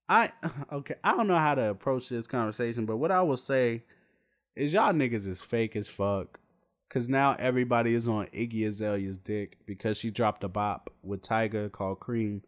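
A man in his twenties ranting bluntly and with plenty of swearing, in a casual vlog rant to camera. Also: on the low side. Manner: blunt, profane, animated storytelling. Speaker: vlogger.

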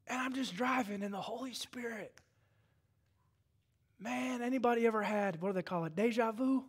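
Preaching a sermon, this high-voiced man in his forties, a pastor, moves between quiet, hushed moments and loud, fervent bursts.

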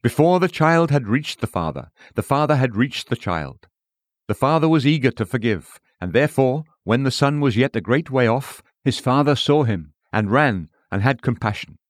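A man's voice: mid-range voice, lively intonation, moderate pace, dry recording, studio quality. A man reading an old-fashioned sermon aloud in an earnest, pleading manner. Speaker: preacher. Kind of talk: read sermon.

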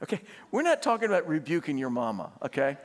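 A man preaching a sermon, animated and laughing as he tells stories and asks the congregation questions. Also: a little high, quick pace. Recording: long hall reverb.

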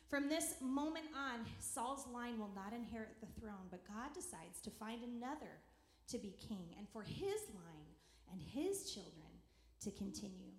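A woman giving a conversational sermon and reading scripture aloud. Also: on the high side. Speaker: preacher. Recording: echoey hall.

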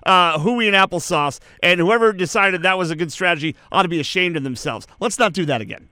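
Male sports co-host, emphatic and excitable, smooth resonant voice, dry sound. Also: high voice, no room sound. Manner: animated, emphatic, quick to rant and laugh. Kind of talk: casual sports talk.

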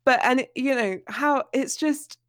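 A woman's voice: high voice, a little slow, no room sound, studio quality. A woman co-hosting a podcast, talking animatedly about a book and laughing often. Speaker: podcast co-host. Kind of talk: casual book discussion.

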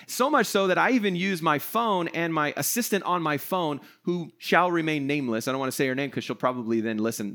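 Chatty middle-aged pastor, slightly higher voice. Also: male voice, fairly bright tone. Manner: chatty, self-deprecating, acts out little scenes. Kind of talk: sermon to an online audience.

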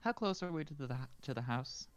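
A man's voice: on the high side, lively intonation, a little fast, clear, resonant tone. A man playing in a tabletop role-playing game, chatting casually and upbeat. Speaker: player.

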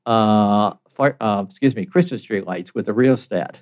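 Older American man telling a lively story. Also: lowish voice, moderate pace, muffled recording. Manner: animated, laughs often, acts out quoted voices. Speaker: guest. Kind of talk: casual storytelling.

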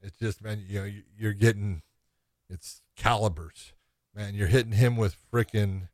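A man co-hosting a podcast in relaxed, agreeable casual chat. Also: lowish voice, moderate pace, dry recording. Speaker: podcast co-host.

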